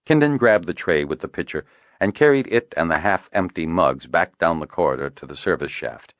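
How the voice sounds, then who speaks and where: Man reading a fantasy audiobook, very low voice, lots of melody, dry slightly dull sound. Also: expressive, a bit bright, dry recording. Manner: measured storytelling, varied intonation. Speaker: audiobook narrator. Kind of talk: scripted narration.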